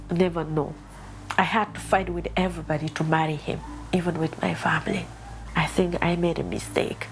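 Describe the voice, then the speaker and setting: A woman's voice: on the low side, darkish tone. A woman from Guinea, speaking earnestly and confessionally about her life in an interview. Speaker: documentary subject. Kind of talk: personal interview.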